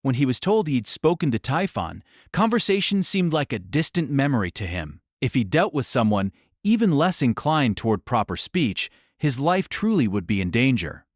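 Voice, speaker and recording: A man narrating an audiobook in an expressive, dramatic storytelling manner. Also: medium pitch, normal speed, hardly any pauses, dry recording, clean studio sound.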